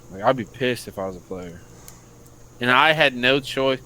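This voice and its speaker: A man's voice: lowish voice, moderate pace, long pauses, sharp tone, a little hiss or hum, poor audio. An American man, a podcast co-host and youth football coach, telling a story loosely and profanely in casual chat.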